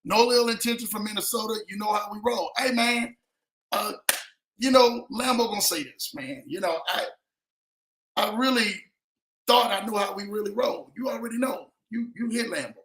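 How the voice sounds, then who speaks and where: Animated man talking bright and high. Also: moderate pace. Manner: animated, slangy, speaks of himself in third person. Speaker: livestream host. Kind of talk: casual livestream chat reading comments. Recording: echoey room.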